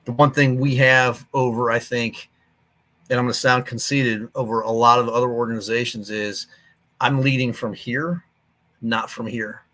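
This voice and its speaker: A man's voice: mid-range voice, level tone, moderate pace, pushed and bright. Blunt, candid male veteran storyteller. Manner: blunt, candid storyteller with plain soldier talk. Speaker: guest, veteran organization leader. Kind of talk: casual podcast conversation.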